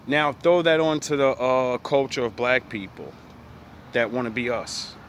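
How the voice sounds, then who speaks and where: A man's voice: medium pitch, unhurried, a bit bright, a little hiss or hum. Blunt, profane American man ranting. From United States. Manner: blunt, profane, emphatic, repetitive. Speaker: vlogger. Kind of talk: ranting commentary.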